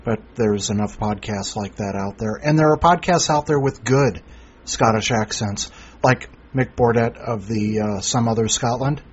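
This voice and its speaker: Husky host, jokey rambling patter, lo-fi. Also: male voice, lowish voice, normal speed. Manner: rambling, jokey, sarcastic asides. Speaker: podcast host. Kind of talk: casual podcast hosting. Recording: dull lo-fi recording.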